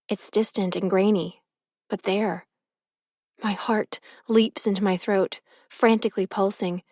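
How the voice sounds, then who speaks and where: A woman reading a first-person novel as an audiobook narrator, expressive and close to the mic. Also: mid-range voice, no echo.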